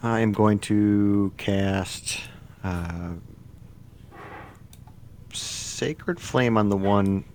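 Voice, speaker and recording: A male player states his turns in a tabletop game, brief and matter-of-fact. His voice is low and slow, with a faint hiss behind it. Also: darkish tone. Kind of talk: declaring moves in a tabletop game.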